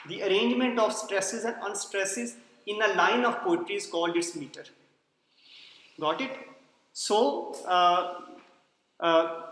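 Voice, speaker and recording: A man's voice: high voice, fairly bright tone. A man giving a classroom lecture, explaining patiently, repeating key points and checking whether students follow. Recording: echoey hall, long reverb.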